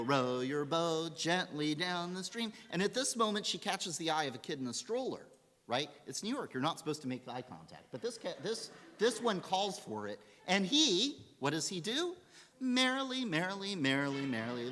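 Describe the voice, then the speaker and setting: A woman rabbi telling a story in a sermon, in an animated storytelling manner. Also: low-pitched. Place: synagogue sanctuary. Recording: reverberant hall.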